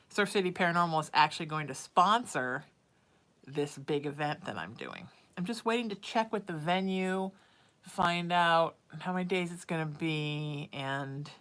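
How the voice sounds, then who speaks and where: Chatty woman, slightly low voice. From Huntington Beach, California. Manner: chatty, affectionate, drifts into soft whispers. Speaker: psychic livestream host. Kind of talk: casual livestream chat.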